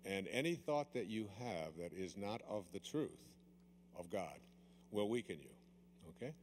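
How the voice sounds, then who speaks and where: A man with a lowish, dark-toned voice sounds animated as he teases a volunteer and stretches out key words while leading a demonstration at a live seminar. The sound comes through a handheld mic in the volunteer's hand, with slight background noise.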